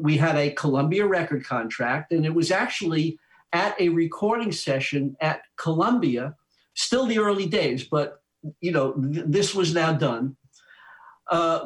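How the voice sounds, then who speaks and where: An older man, a musician interviewed, telling a long anecdote in an animated way with chuckles and restarts. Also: fairly high pitch, rough recording. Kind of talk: anecdotal storytelling.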